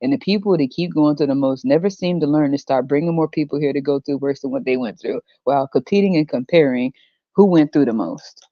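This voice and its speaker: A woman's voice: low voice, a little fast, dry recording, lo-fi sound. A woman hosting a podcast who gives blunt, sarcastic commentary in casual slang. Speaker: podcast host.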